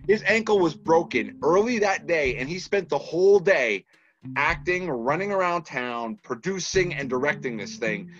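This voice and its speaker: A man from Massachusetts, a filmmaker guest on a casual podcast, telling lively stories and laughing often. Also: fairly high pitch, moderate pace. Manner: animated storyteller, laughs often. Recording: slightly dull lo-fi audio with faint music.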